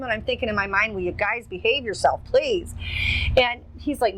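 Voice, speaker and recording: A woman's voice: on the high side, normal speed, a little hiss or hum, rough recording. A middle-aged woman, a researcher and guest, telling a long anecdote in a casual, chatty way. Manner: chatty, animated anecdote-teller. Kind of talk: casual storytelling.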